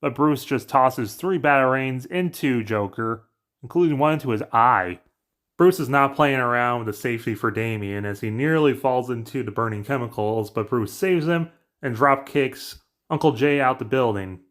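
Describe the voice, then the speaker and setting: A man with a mid-range voice talking through a story recap. His telling is casual, brisk and offhand, like someone chatting ideas to viewers. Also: mid-range voice, a bit bright. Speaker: narrator pitching story ideas. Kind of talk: casual plot recap narration.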